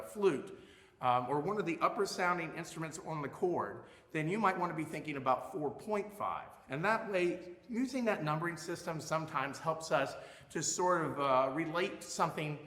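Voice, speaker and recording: A man teaching a music lesson, explaining expressively and showing loudness with his own voice. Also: a little high, echoey room, in a large hall.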